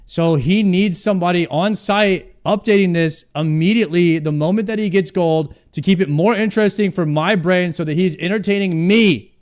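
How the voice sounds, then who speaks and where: High-voiced man rambling on stream. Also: moderate pace, hardly any pauses, darkish tone. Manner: rambling, self-mocking, stumbling. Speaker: streamer reacting to a video. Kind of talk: casual chat.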